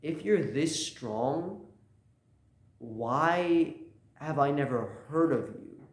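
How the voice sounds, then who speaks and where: A man voicing an earnest young woman, speaking slightly higher than his own voice, in a roomy space. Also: expressive, very slow, exaggerated voice. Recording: roomy echo.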